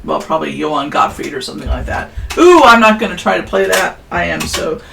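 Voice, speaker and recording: A woman's voice: on the low side, animated, fairly quick, vocal fry, a bit bright, slight background noise, low-quality recording. A woman giving a casual, recorded music theory lecture, chatting through examples with offhand, self-deprecating asides.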